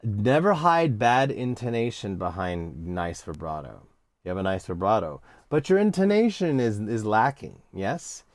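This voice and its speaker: A man's voice: lowish voice, animated, a little slow, no room sound. An American man teaching cello in a live online lesson, encouraging and hands-on as he counts out cues.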